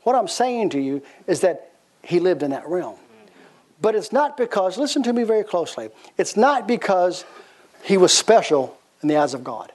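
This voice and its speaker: A male pastor delivering a sermon in a notably high voice. He tells his stories with lively, animated energy and circles back over his phrases for emphasis. He breaks into laughter as he preaches. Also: normal speed. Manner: animated storytelling, repeats phrases; laughs while telling stories.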